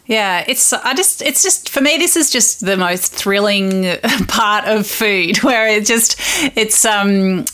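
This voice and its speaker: A woman's voice: medium pitch, takes it slowly, few pauses, pushed and bright. A woman interviewer asking questions with enthusiastic, effusive praise.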